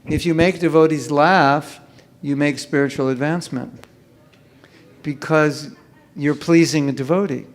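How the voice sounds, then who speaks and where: A little high and steady, the man's unhurried voice carries over a microphone as he runs a live chanting workshop. He makes his points with frequent jokes and imitations of mumbled, careless chanting.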